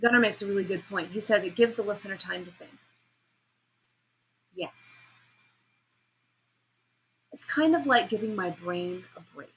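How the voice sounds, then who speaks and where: A woman lecturing a class on vocal delivery, asking students questions and demonstrating sounds, pace and pauses herself. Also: mid-range voice, fairly bright tone, slight background noise, low-quality recording. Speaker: speech instructor.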